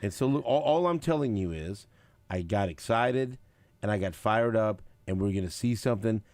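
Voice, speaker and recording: A man hosting a sports radio show, talking casually with big swings between loud bursts and quiet asides, acting out what others said. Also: on the low side, normal speed, no echo. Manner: animated, swings loud and quiet, acts out quotes. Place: radio studio. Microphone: studio microphone.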